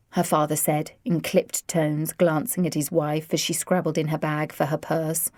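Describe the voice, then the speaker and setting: A woman narrating an audiobook in an expressive reading voice. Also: low voice, normal speed, few pauses, no room sound, studio quality. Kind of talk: scripted narration.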